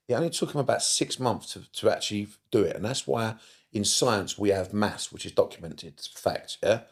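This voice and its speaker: Animated, swearing man, low voice. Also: moderate pace, creaky, husky. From United Kingdom. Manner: animated, swears often, repeats himself for emphasis. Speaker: therapist guest. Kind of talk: casual podcast interview.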